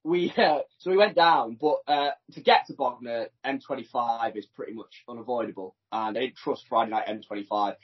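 A man's voice: mid-range voice, a little fast, few pauses, dull audio. A man co-hosting a podcast, chatting casually and rambling through holiday stories from abroad over a remote line. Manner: chatty, rambling, self-deprecating banter. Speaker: podcast co-host. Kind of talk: casual chat. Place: holiday home in France, remote.

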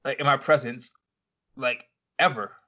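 A man's voice: mid-range voice, fairly even intonation, a little slow, bright, forceful tone. A man co-hosting a casual podcast chat, recapping a TV episode in a laid-back way and swearing freely. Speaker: podcast co-host.

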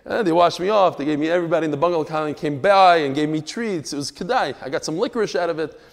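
Animated rabbi with a higher voice, reverberant. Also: male voice. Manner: animated, emphatic, with quick asides. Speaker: rabbi teaching a daily Talmud class. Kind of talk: lively storytelling and teaching.

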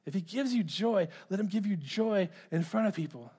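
A man's voice: sits high, animated, normal speed, a little mellow, husky. A middle-aged man preaching a sermon, earnest, often repeating words as he starts a phrase. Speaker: pastor.

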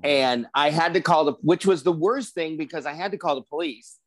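A man around sixty hosting a casual podcast chat, telling a long personal story in an animated way and acting out what other people said. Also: on the high side, fairly quick, slight background noise. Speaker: podcast host.

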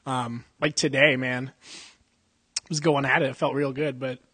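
Husky, profane young man on a podcast. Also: medium pitch, level tone, unhurried, sharp tone, no room sound. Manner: profane, rambling storyteller who laughs often. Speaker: podcast co-host. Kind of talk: casual chat. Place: indoor jiu-jitsu gym. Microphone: podcast mic.

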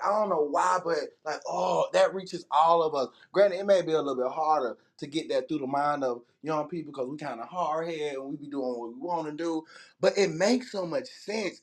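A man with a high-pitched voice hosts a morning podcast. He talks casually and energetically and laughs often with his guests. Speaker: podcast host.

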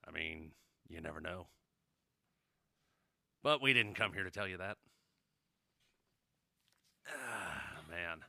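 A man's voice: low voice, lively intonation, takes it slowly, gravelly, pauses often, sharp tone, no echo, studio quality. A man co-hosting a podcast in casual chat, joking and rambling, swearing freely. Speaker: podcast co-host.

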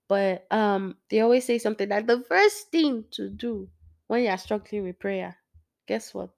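A woman's voice: on the high side, moderate pace, vocal fry. A young woman talking casually to listeners about faith, rambling and correcting herself, sometimes dropping to a near-whisper. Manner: rambling, self-correcting, laughs often, drops to near-whisper. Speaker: Christian speaker.

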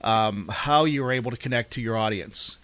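A man hosting an interview, asking questions in a halting way with repeated words. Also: mid-range voice, a bit bright, no echo. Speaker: interviewer host.

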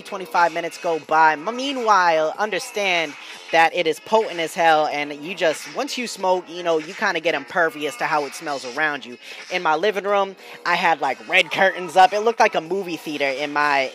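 A man hosting a podcast, telling a story in a casual, slangy, animated way with frequent laughs. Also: on the high side. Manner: animated, slangy, laughing often, loud bursts. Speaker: podcast host.

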